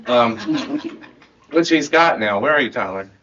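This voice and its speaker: A man in his thirties speaks to his marching band at season's end in an earnest, rambling way, often laughing and restarting his sentences. His pitch sits in an ordinary middle range. The audio is dull and lo-fi. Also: lively intonation, unhurried, noisy background. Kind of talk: heartfelt end-of-season speech to students.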